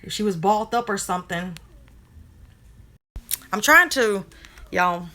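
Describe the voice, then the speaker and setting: A woman's voice: mid-range voice, lively intonation, a little slow, pushed and bright. A woman talking casually to her viewers, blunt and irritated, swearing freely as she points things out. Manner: talks straight to viewers as y'all. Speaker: vlogger. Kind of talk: casual commentary to camera.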